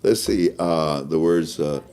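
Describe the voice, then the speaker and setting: A man hosting a casual live-stream talk show, animated, often chuckling and drawing out words for emphasis. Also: a bass voice, measured pace. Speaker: host.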